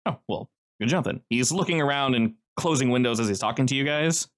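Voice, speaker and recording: A man's voice: mid-range voice, brisk. A man narrating as game master, casual and loose, with lots of fillers.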